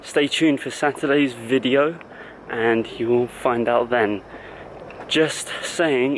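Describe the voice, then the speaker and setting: A man's voice: medium pitch, takes it slowly, slight background noise, low-quality recording. A man who coaches fitness, talking casually to the camera in a vlog and explaining things in loose, stop-start phrases.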